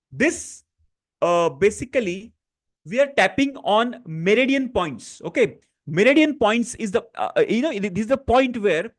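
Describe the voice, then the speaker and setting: Soft-spoken man guiding a tapping session. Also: high-pitched. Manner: gentle instructive, many fillers and restarts. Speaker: stress-relief workshop facilitator. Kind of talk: guided tapping session on a live online class.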